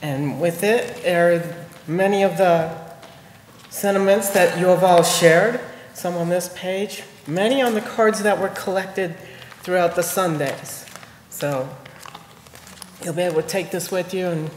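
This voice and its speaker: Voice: medium pitch, a little slow. Committee member, hesitant, fillers, echoey hall, faint hiss. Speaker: committee member presenting a gift. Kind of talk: informal presentation.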